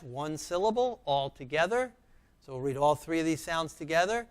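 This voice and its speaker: A man teaching a beginner Hebrew lesson, speaking slowly and patiently and repeating each sound and word for learners. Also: fairly high pitch, lively intonation.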